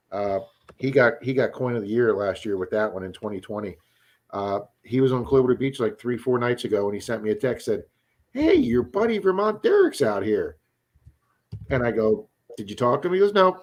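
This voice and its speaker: A man from Florida chats casually as host of a live stream. He tells long, rambling stories at an ordinary pitch and often repeats his first words before finishing a thought. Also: darkish tone. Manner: rambling storyteller, repeats words when starting sentences.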